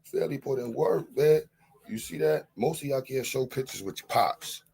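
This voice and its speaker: A man's voice: medium pitch, animated, normal speed, vocal fry, a little mellow, husky. A man on a live-stream panel, boasting and taunting, leaning on the same catchphrases again and again in a heated rant.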